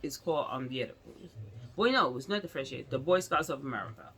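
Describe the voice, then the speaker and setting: A woman's voice: very deep voice, expressive, fast talker, fairly bright tone, slight background noise. A woman vlogger chatting to her viewers in a rambling storytime, often calling them y'all.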